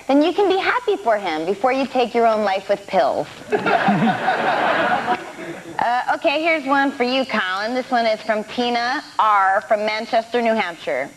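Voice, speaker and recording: Deadpan female comedy panelist. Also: a little high, measured pace, a little hiss or hum, low-quality recording. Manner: deadpan, sweetly delivered shock jokes.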